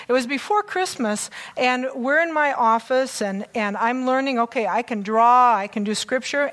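A woman preaching a conversational sermon, chatty and excitable, with self-mocking asides. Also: a little high.

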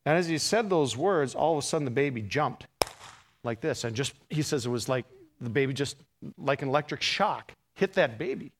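A man preaching a storytelling sermon, moving from hushed retelling to fervent, raised passages. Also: medium pitch, lively intonation, moderate pace.

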